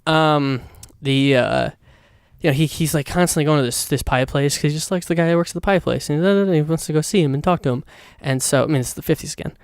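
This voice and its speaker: A man's voice: fairly high pitch, fast, smooth, no room sound. A man hosting his own podcast, giving a casual, rambling, profane movie review full of fillers. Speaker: podcast host.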